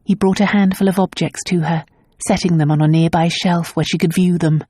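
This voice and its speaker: A woman narrating a romance novel audiobook in a calm, measured way. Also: on the low side, no echo, clean studio sound. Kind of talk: scripted narration.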